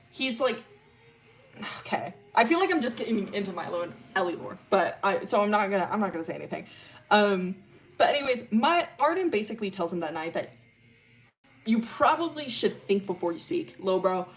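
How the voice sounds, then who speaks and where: A woman streamer casually telling a rambling, swear-filled story about her characters. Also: mid-range voice.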